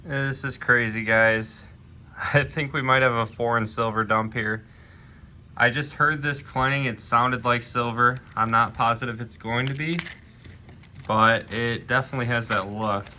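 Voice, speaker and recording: A man narrating his own coin hunting video in a casual, excited way, often calling out to viewers as "guys". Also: mid-range voice, unhurried, a little hiss or hum. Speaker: coin roll hunting vlogger.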